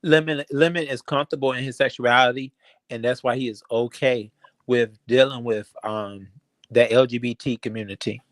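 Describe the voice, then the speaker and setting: A man with a mid-range voice talks in a soothing, hesitant way, stopping and restarting often as he smooths things over. The sound is dry and close. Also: mid-range voice, steady tone, moderate pace, dry recording. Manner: placating, hesitant, full of restarts and ums. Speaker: host. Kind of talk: casual chat.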